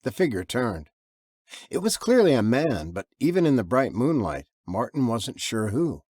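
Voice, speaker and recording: Man, horror audiobook narrator, animated delivery, dry close-mic sound. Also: moderate pace, slightly rough, dry recording. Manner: lively, expressive reading, with low growled voices for the father. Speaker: author and narrator.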